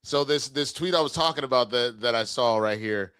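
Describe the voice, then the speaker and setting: A man's voice: medium pitch, fairly quick, fairly bright tone, clean tone. A man co-hosting a casual livestream, teasing his friend and laughing often. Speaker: co-host.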